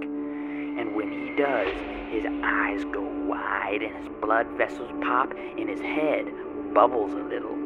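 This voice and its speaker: A man with a medium-pitched voice, its highs cut off, performs a first-person character monologue with music behind him. He plays a bragging, grubby tomato grower who rambles on in a folksy manner with odd grammar.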